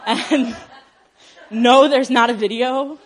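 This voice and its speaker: A young adult woman preaches a sermon in an animated storytelling manner. She acts out the quoted lines and laughs at herself from time to time. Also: fairly high pitch, takes it slowly.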